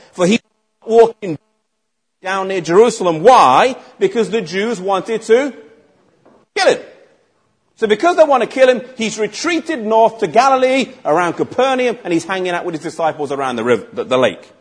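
A man's voice: high-pitched, animated, normal speed, breathy edge. A man preaching a sermon, emphatic and asking the congregation rhetorical questions.

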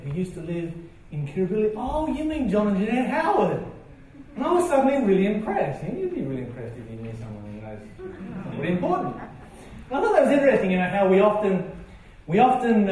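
A man's voice: on the high side, darkish tone. A man preaching a sermon in a conversational way, putting rhetorical questions to his listeners. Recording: echoey room from far off.

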